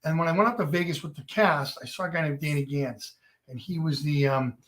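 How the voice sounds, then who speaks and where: A man's voice: on the high side, a little fast, fairly bright tone. A man, a podcast guest and impressionist, chatting casually and animatedly about his past shows and work.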